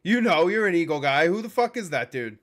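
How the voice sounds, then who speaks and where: A man's voice: on the high side, sing-song, brisk, fairly bright tone. A young man hosting a casual sports chat, profane and heated, ranting in bursts. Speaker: podcast host.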